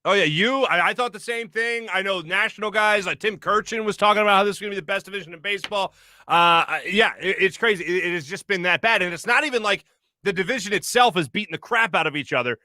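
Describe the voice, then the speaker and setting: A man hosting sports talk radio, speaking in a fairly high, bright, sharp voice. He is excitable and jokey, tossing out quick exclamations. His voice sits close and dry on a studio microphone with no room echo. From Philadelphia area. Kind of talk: casual sports radio chat.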